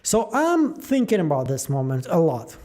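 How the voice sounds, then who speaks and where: High-voiced man musing over show theories. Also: moderate pace. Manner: musing aloud, animated, trailing fillers. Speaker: show theory channel host. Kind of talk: casual theory breakdown.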